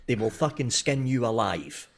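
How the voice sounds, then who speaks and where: A man's voice: medium pitch, expressive, normal speed, creaky. A man in a casual podcast chat, mostly reacting briefly and giving blunt advice with some swearing. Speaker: show co-host.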